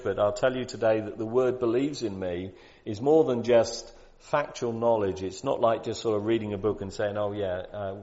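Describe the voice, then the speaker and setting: A man preaching a sermon in a conversational way, building to loud, emphatic peaks. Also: lowish voice. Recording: dull lo-fi sound.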